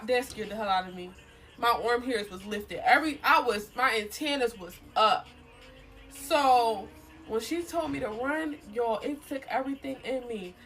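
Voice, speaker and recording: A young woman with a Philadelphia accent tells a personal story to her viewers, calling them "y'all" and speaking in loose, slangy talk. Her voice sits high. She stays animated throughout and swears freely. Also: low-quality recording. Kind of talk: casual storytime monologue.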